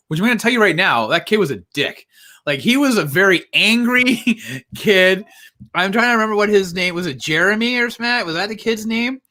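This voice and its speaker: This podcast co-host has a slightly high voice that sounds pushed and bright. During a casual live show, he excitedly recounts film scenes, acting out the characters' dialogue amid laughter.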